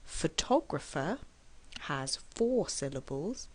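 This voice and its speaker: Woman, English teacher, low voice, unhurried delivery, careful exaggerated enunciation. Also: sing-song. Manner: slow, careful, deliberate enunciation with exaggerated stress. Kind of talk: scripted lesson delivery.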